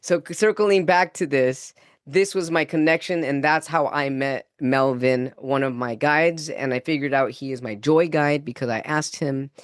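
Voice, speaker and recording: A man guesting on a podcast, telling an earnest personal story in a casual, animated way, acting out his own inner dialogue and laughing easily. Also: on the high side, moderate pace, clean tone, no echo, clean studio sound. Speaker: guest spiritual channeler.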